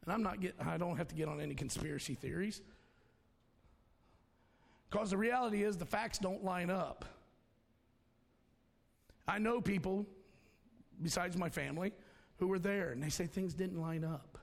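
Gravelly-voiced preacher in a hall. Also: male voice, sits high, moderate pace, long pauses. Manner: folksy, preachy, swings between shouting and hushed tones. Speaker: pastor. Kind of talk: sermon. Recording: long hall reverb.

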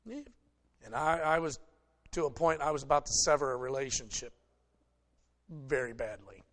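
A middle-aged pastor preaches a conversational sermon, folksy and joking as he talks straight to his congregation. His voice is medium in pitch with a fairly bright tone, at normal speed.

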